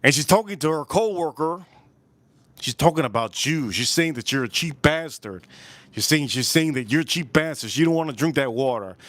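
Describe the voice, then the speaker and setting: A man's voice: fairly high pitch, animated, moderate pace, fairly bright tone, dry recording. A man hosting a casual whiskey livestream, rambling and repeating himself with joking asides to his chat. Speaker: livestream host reviewing whiskey.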